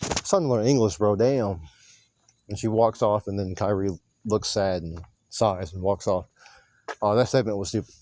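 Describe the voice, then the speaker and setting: A man's voice: lowish voice, moderate pace, darkish tone, slight background noise. A man recapping a wrestling show in a loose, rambling monologue, swearing casually and often correcting himself. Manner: rambling, profane, self-correcting.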